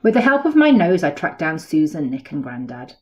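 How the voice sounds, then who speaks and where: A woman reading a picture book aloud to children as a storyteller, lively and pointing out the pictures. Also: low voice, fairly quick. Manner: lively, gives characters voices, points out pictures.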